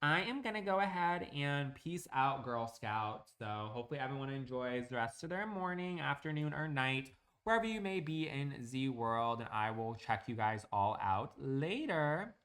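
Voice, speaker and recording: A man's voice: medium pitch, very animated, normal speed, few pauses, fairly bright tone. A young man streaming, chatting casually and rambling with lots of fillers while he plays a building game. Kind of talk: casual live-stream chat while gaming.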